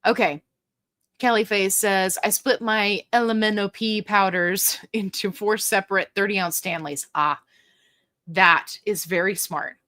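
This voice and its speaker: A woman's voice: mid-range voice, fairly even intonation, unhurried, sharp tone. A middle-aged woman hosting a casual livestream, chatty and jokey as she reads viewer comments aloud. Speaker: livestream host.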